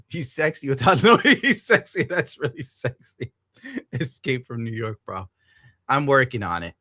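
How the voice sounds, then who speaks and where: A young man from the United States, hosting a livestream and reading donations in a casual, profane, animated rant, laughing often. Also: medium pitch, dry recording, studio quality.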